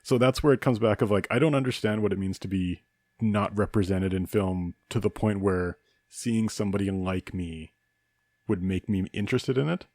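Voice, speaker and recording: Very deep voiced guy from saskatchewan, earnest, working through his thoughts, dry sound. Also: moderate pace, a little mellow, no echo. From Saskatchewan, Canada. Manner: earnest, thinking aloud. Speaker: podcast co-host. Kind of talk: casual discussion.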